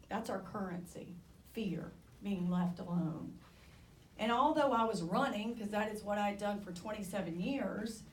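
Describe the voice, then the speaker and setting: A woman's voice: mid-range voice, darkish tone, distant mic, slight background noise. Woman in her 40s telling her story on stage, frank and chatty, roomy theatre sound. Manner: candid, conversational, self-deprecating. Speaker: speaker. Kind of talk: personal storytelling talk.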